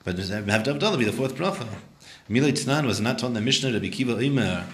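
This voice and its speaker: A man's voice: mid-range voice, animated, quick pace, echoey room. A man teaching a Talmud class, translating Hebrew and Aramaic phrases and questioning his students.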